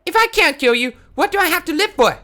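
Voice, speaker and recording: A man reading a game aloud, voicing a fierce, vengeful young woman fighter who shouts and hurls insults. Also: very high-pitched, expressive, fast, voice pushed up, full character voice. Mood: defiant.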